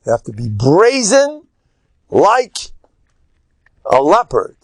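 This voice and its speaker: An older rabbi lectures in a gravelly, creaky voice, recorded close and dry. He talks with animated emphasis, breaks into sudden loud bursts, and slips into chatty, chuckling asides. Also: on the high side, slow pace, no room sound.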